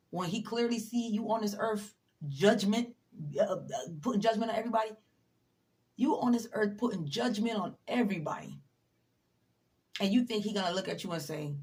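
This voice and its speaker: With a somewhat low, slightly mellow voice, a female motivational vlogger addresses the camera casually. She lectures viewers bluntly and emphatically, cursing freely, and sounds a bit tired.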